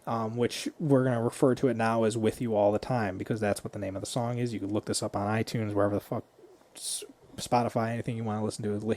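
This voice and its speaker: A man's voice: lowish voice, a little mellow. A man co-hosting a podcast, casually retelling a movie scene by scene and swearing freely. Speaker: podcast co-host.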